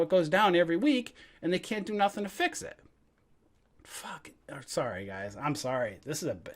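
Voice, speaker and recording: A man in a heated, profane rant about the markets, bursting loud and then dropping to mutters. His pitch swings widely from line to line. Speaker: stock trading educator. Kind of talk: angry livestream rant.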